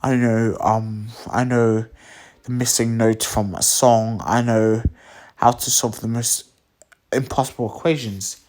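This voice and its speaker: A man loosely voicing a calm, quietly cocky young male hero while retelling a story. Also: medium pitch, a little slow, lightly acted. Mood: plain. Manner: loose, filler-filled quoting.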